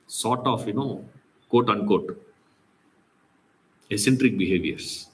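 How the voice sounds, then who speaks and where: A man's voice: lowish voice, rough recording. A man teaching a scripture class, telling stories in a conversational way with many rhetorical questions. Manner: conversational storytelling with frequent "you know" and rhetorical questions. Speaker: Vedanta teacher.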